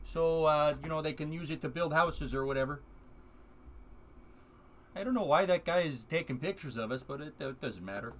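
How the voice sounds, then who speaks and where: A man's voice: fairly high pitch, normal speed, long pauses, fairly bright tone, a little hiss or hum. A man streaming live, chatting casually and joking with his viewers. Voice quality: joking, puts on silly voices in bursts.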